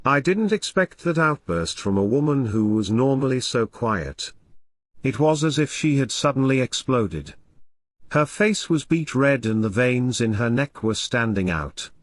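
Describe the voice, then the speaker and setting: A man's voice: mid-range voice, sing-song, unhurried, no room sound. Guy reading his doctor memoir, voice moves up and down a lot, dry close mic. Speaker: pediatrician narrating his memoir. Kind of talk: audiobook memoir narration.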